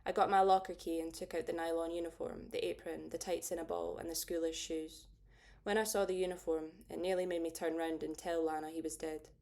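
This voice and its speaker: A woman narrating a first-person audiobook in a steady, understated way. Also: deep voice, a little fast, vocal fry.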